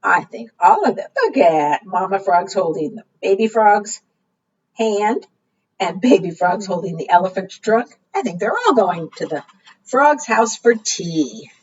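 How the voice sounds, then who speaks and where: A woman librarian leading a preschool storytime, reading aloud and gently encouraging the children. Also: mid-range voice, very animated, unhurried, slightly rough. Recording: dull distant recording.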